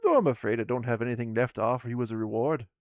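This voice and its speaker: A man's voice: medium pitch, rapid-fire, darkish tone, no room sound, studio quality, close to an everyday voice. A man voicing a grumpy young female dwarf merchant, grumbling and impatient, while reading out a tabletop game. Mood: earnest. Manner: grumbling, impatient, put-upon. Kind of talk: reading game character dialogue aloud.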